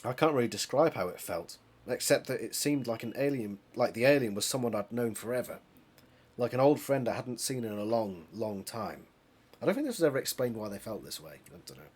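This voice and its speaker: A man's voice: medium pitch, expressive, fairly quick, a little mellow, breathy edge. A British man reading a novel aloud, breaking off into chatty, laughing asides and correcting himself as he goes. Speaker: reader of a book series.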